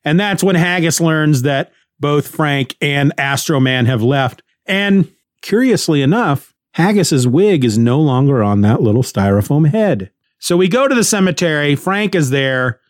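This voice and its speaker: A man's voice: a little high, expressive, unhurried, no room sound. Rambling man recapping a comic, dry sound. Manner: rambling, with frequent restarts and chuckles. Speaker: comic book reviewer. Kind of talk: casual comic book recap.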